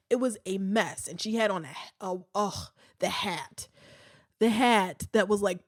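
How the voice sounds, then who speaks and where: A woman's voice: mid-range voice, darkish tone, no room sound, studio quality. A woman hosting a podcast, talking in a chatty, candid way with many fillers, sighs and restarts. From United States. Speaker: podcast host. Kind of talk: casual podcast commentary.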